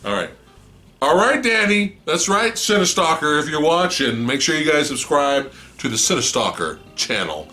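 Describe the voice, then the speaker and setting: A man's voice: on the high side, big pitch swings, normal speed, bright, forceful tone, soft background music. A man co-hosting a collecting video, tipsy from beer, giggling and fumbling his words as he chats casually. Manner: giggly, fumbling restarts, cursing. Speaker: co-host of a movie collecting channel.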